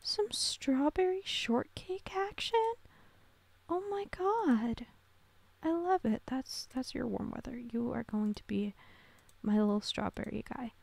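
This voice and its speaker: Young female gamer, excitable and gushing; high, gravelly edges, close dry mic. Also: a little slow, no echo. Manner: gushing, excitable, coos at tiny characters. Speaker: gaming creator. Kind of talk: casual gameplay commentary.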